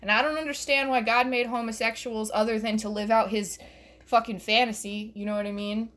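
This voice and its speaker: A woman's voice: fairly high pitch, level tone, brisk, fairly bright tone. A young woman doing a profane, rambling comedy rant alone in her bedroom, recorded on her phone, laughing at her own jokes. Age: young adult. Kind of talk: solo stand-up style rant.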